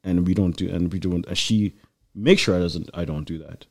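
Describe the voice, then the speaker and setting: A man in casual chat, telling a long personal story in a rambling, animated way with lots of fillers. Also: deep voice, moderate pace. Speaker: guest.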